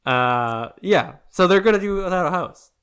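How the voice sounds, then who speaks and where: A man's voice: high-pitched, expressive, moderate pace, a bit bright, clean tone. Rambling laid-back young man. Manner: rambling, laughs often, trails off. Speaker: podcast co-host. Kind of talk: casual chat.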